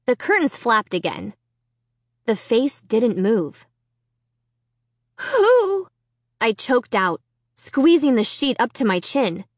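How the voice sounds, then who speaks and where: A woman narrating a children's story in first person, with an expressive, dramatic reading. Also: medium pitch, no room sound, studio quality. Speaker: audiobook narrator.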